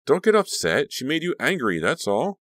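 A man's voice: fairly high pitch, huge pitch swings, moderate pace, fairly bright tone, no echo, studio quality, voice pushed up. A man putting on a worried teenage girl friend. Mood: soothing. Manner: soothing and worried.

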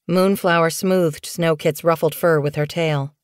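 Slow, low-voiced woman narrating an audiobook. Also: steady tone, a little mellow, smooth, no echo, studio quality. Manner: measured, unhurried reading. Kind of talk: scripted narration.

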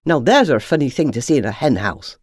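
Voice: mid-range voice, sing-song, a little fast, husky, no room sound, studio quality. A storyteller voicing a fussy, kindly hen who clucks and stutters when frightened. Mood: fussing. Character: flustered clucking mother hen, fussy and kind.

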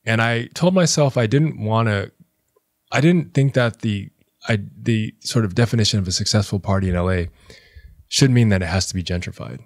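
A low-pitched man from the United States talks as a guest in a relaxed podcast interview. He is reflective and a little halting, often pausing with fillers and restarting his thoughts. The sound is dry and close, with no room around it. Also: dry recording. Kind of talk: conversational interview.

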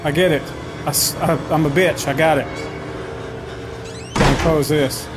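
A man's voice: fairly high pitch, steady tone, a little slow. A man hosting a let's play of a horror game, reacting with nervous jokes and constant swearing. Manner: jumpy, profane, nervous joking. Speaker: gaming channel host. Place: home gaming setup. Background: horror game music.

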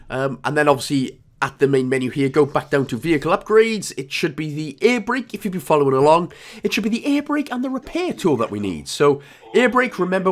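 Chatty Welsh man with lively pitch. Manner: chatty, jokey, self-mocking asides. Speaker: gaming guide creator. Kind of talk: game walkthrough commentary.

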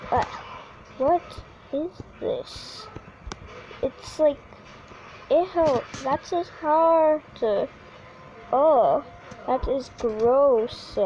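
A woman giving casual, excitable commentary on her own gameplay, yelping whenever she falls. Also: high voice, highs cut off. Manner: chatty and excitable, yelps when falling. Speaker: gaming YouTuber.

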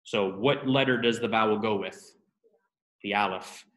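A man with a lowish voice leads a classroom lesson, easygoing and a little self-mocking. He quizzes his students step by step, and the room adds a noticeable echo. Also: unhurried. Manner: relaxed, self-deprecating, asks students questions. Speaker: Biblical Hebrew teacher.

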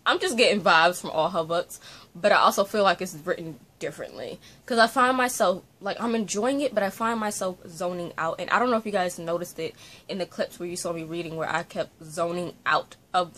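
Chatty woman reviewing a book at home. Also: fairly low pitch. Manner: rambling, animated, many fillers. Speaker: book vlogger. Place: bedroom at home. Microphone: phone on a selfie-stick tripod.

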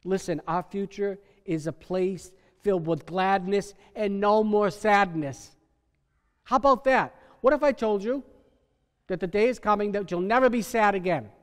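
A middle-aged male pastor preaching a sermon in a church sanctuary, emphatic, swinging between soft and loud. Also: sits high, in a large hall.

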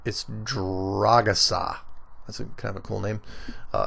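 A man's voice: on the low side, little pitch movement, unhurried, gravelly, fairly bright tone, slightly rough. A middle-aged American man hosting a casual solo podcast, reading out listener emails and rambling through his answers with lots of fillers and restarts. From United States.

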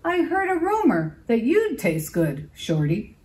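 A woman voicing a grumpy, scratchy-voiced female troll in a picture-book read-aloud, gruff and threatening. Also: on the high side, huge pitch swings, a little slow, voice pushed up. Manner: gruff, threatening, softening later.

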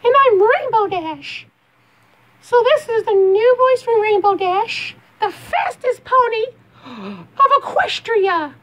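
A voice actor doing a shrill, showy Rainbow Dash. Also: big pitch swings, takes it slowly, fairly bright tone, full character voice. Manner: high, showy. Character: cocky, speedy female cartoon pony.

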